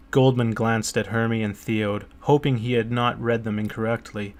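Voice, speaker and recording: A man narrating a fantasy audiobook, reading steadily and without hurry. His voice sits at an ordinary male pitch and keeps a plain, even storytelling delivery. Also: normal speed, few pauses. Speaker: audiobook reader.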